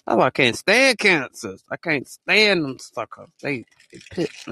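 A man co-hosting a podcast in casual chat, telling stories in slang with sudden high exclamations. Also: sing-song, moderate pace, sharp tone. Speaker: podcast co-host.

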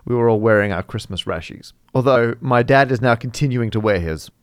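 A man's voice: medium pitch, fairly quick, clean tone, no room sound, clean studio sound. A man co-hosting a podcast, chatting casually and laughing through his stories. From Australia. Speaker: podcast co-host. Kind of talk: casual chat.

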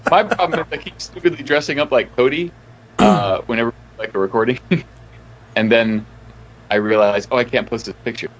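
A man's voice: medium pitch, moderate pace, long pauses, lo-fi sound, a little hiss or hum. A male voice actor guesting on a podcast, telling jokey stories with constant laughter. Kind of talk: casual chat.

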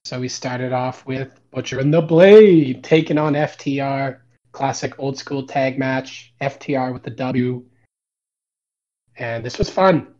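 A man's voice: mid-range voice, fairly even intonation, a little slow, a little mellow. A man co-hosting a casual wrestling podcast, rambling with many fillers. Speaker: podcast co-host. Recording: dull lo-fi mic.

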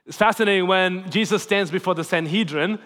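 A pastor giving a sermon, animated and swinging between emphatic and hushed delivery. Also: male voice, high voice, brisk. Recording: long reverb in a large hall.

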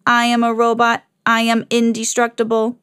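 A woman playing a slow, stiff robot cat. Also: a little high, clean tone, no room sound, clean studio sound, lightly acted. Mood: flat robotic. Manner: slow, even robotic delivery. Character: proud male robot cat, literal and tireless.

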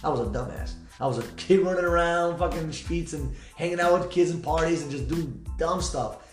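Man, emotional podcast monologue, rapid heartfelt delivery, slightly high voice, echoey room with faint music behind. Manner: fast, heartfelt, repetitive, swearing freely. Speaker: podcast host.

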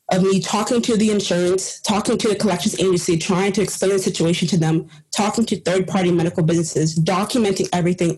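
A woman on a podcast team telling a personal story in an earnest, animated way, laughing here and there. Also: medium pitch, low-quality recording.

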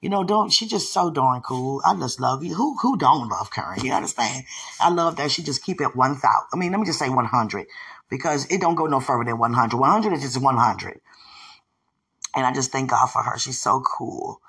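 A speaker leaving a rambling, affectionate voice message, gushing with warmth and thanking God along the way. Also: mid-range voice, lively intonation, normal speed, breathy edge. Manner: effusive, rambling, affectionate, often devout.

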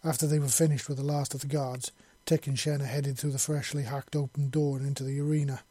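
A man reads a science fiction story aloud at a steady, even pace. His voice is husky and mellow, with very little rise and fall. The recording is close and dry. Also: medium pitch, quick pace, no room sound. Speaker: audiobook reader. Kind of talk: story narration.

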